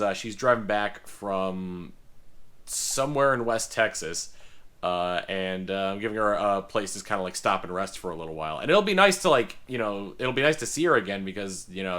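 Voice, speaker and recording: A man's voice: fairly low pitch, fairly bright tone. A man talking through his week in a casual vlog, rambling with many fillers and restarts. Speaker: vlogger.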